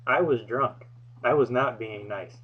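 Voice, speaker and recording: A man's voice: mid-range voice, unhurried, breathy edge. Young guy vlogging a story, wry and self-deprecating, kinda muffled lo-fi sound. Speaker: vlog host. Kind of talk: casual storytelling.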